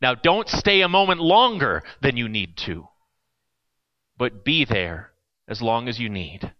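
Animated male preacher, lively and lo-fi. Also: medium pitch, a little slow, no room sound. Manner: conversational, with sudden dramatic swings between loud and hushed. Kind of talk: sermon.

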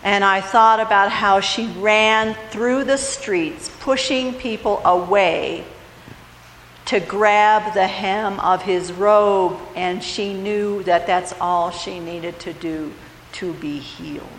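A middle-aged woman giving a personal testimony from a church, telling her story in a slow, heartfelt way. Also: mid-range voice, echoey room, big-room sound, a little hiss or hum, low-quality recording. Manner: storytelling, slow and heartfelt, lively in funny parts. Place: church sanctuary.

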